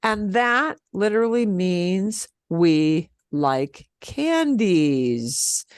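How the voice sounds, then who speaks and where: A woman's voice: mid-range voice, big pitch swings, very slow, clean tone, no echo, studio quality. A woman teaching a beginners' Spanish class over a video call, explaining patiently and checking in with "okay?" often.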